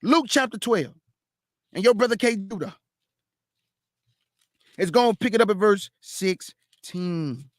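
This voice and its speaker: A man teaching the Bible, reading verses aloud and breaking off to question them with drawn-out emphasis. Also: sits high, animated, dry recording, clean studio sound. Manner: reads verse then stops to question it aloud. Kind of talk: street-style scripture teaching.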